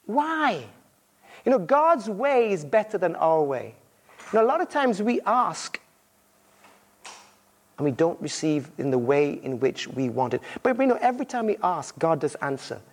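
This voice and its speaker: Male visiting preacher with a high, lively delivery, storytelling and playing out the characters' lines. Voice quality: married. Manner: animated storytelling, acting out voices in quotes. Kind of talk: sermon.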